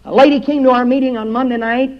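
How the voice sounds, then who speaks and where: High-voiced preacher in a dramatic sermon. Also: male voice, steady tone, fast talker. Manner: dramatic, swings from hushed to loud. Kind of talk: revival sermon. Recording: dull lo-fi recording.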